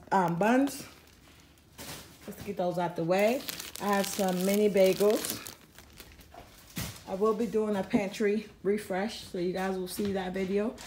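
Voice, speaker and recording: A woman's voice: medium pitch, darkish tone, a little hiss or hum. A woman casually chatting to camera as she unpacks groceries at home, rambling with lots of ums. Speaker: vlogger showing a grocery haul. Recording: crinkling bags and clicks behind.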